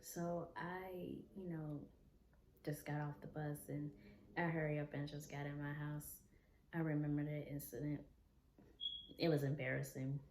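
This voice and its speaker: A young woman vlogger telling a personal story in a soft, candid, unhurried way. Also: low-pitched, flat delivery, noisy background. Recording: echoey room, faint ambience.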